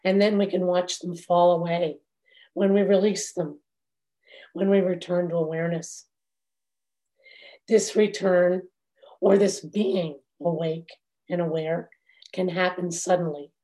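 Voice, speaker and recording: A woman meditation teacher giving a dharma talk in a measured, reflective way, with long pauses. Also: fairly low pitch, fairly even intonation, mellow.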